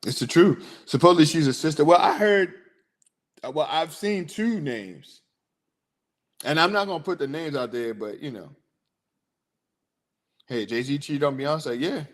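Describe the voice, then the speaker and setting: A young man hosting a sports podcast, chatting in a rambling, animated way and answering his listeners. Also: on the high side, a little slow, long pauses. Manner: rambling, animated, talks to chat viewers. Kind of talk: casual chat.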